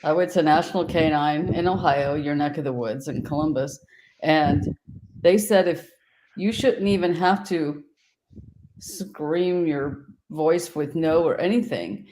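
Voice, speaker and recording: A woman dog trainer talks in a direct, confident way on a video call, acting out example commands as she goes. The line has clear background noise under her voice. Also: low voice, a little slow. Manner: direct, confident, demonstrates tones of voice. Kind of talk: casual instructive chat.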